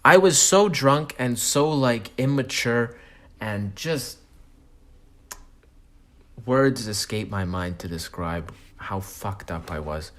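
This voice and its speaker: A man's voice: mid-range voice, animated, slow. A man hosting a podcast, telling a comic story in a profane, self-mocking monologue. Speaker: podcast host.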